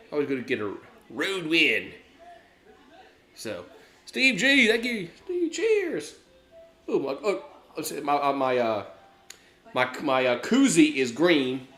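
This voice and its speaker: A man calls a game live for his stream in a casual, chatty way, often restarting his sentences. His voice has a bright, forceful edge. The recording is echoey, as if in a bare room. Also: a little high, big pitch swings, takes it slowly, long pauses. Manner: rambling, chatty, many fillers and restarts. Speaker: live stream play-by-play host. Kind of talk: casual play-by-play commentary.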